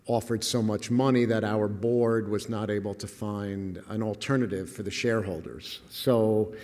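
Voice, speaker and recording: An older man, a guest speaker in a lecture hall, gives a humorous storytelling lecture, wry and self-deprecating and chuckling at his own lines. His mid-range voice is a little mellow, and the hall makes the recording echoey.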